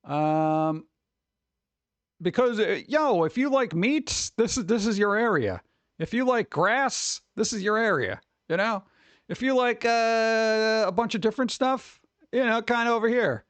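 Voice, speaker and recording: A man hosting a casual stream, chatting and riffing on viewer messages in a rambling, jokey way with animated rants. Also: high voice, a little slow, no echo. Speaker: streamer host.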